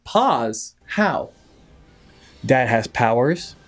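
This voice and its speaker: A man's voice: a little high, animated, a little mellow. Sarcastic young man recapping a movie. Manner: sarcastic, jokey, mimics characters in quick voices. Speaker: movie reviewer.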